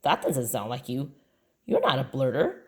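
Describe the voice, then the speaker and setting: A woman voicing a calm, gently teasing mother in a children's book read aloud. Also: rumbling low, normal speed.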